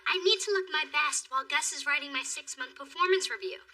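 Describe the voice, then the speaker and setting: An actress playing an ambitious, self-assured young woman with a brisk manner in a sitcom. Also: sits high, sharp tone, far from the mic. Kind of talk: sitcom acting.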